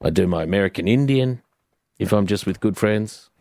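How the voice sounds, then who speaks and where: An Australian man co-hosting a casual radio show, teasing the others with deadpan jokes. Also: lowish voice, normal speed, creaky, no room sound. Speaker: radio co-host. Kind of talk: casual banter.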